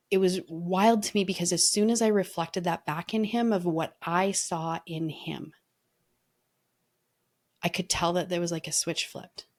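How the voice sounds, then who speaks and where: A woman's voice: fairly low pitch, a little mellow. A woman leadership coach talking in an earnest, reflective way, telling stories in a casual podcast conversation.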